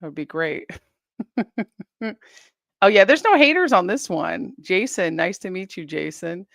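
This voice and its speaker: A woman with a lowish, gravelly voice hosts a casual live stream, reading viewer comments aloud and chatting back. She rambles and giggles as she goes. The sound is dry and close, with no room echo. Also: expressive, a little slow.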